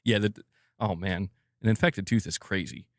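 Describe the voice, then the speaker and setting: A man's voice: on the low side, normal speed, no room sound, studio quality. A man hosting a live stream, chatting casually and bluntly, swearing and laughing a lot while reading viewer comments. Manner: blunt, profane, laughs often.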